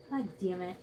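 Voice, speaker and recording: A woman's voice: fairly low pitch, background noise. A tired woman in pain, chatting bluntly and swearing through a casual livestream.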